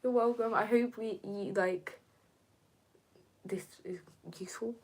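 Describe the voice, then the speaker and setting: A young woman chatting on a live stream and reading comments, rambling with lots of fillers, slipping into soft whispers and jumping high when excited. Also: normal speed, a little hiss or hum. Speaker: content creator.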